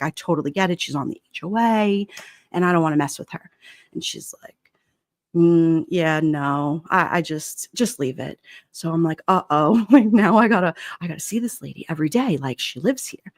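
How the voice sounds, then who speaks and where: A woman's voice: fairly low pitch, no echo, studio quality. A middle-aged woman from Brooklyn with a New York accent, telling a neighbor story on a casual livestream, laughing often and acting out the voices in her story. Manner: animated, laughing often, acts out quotes. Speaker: livestream vlogger.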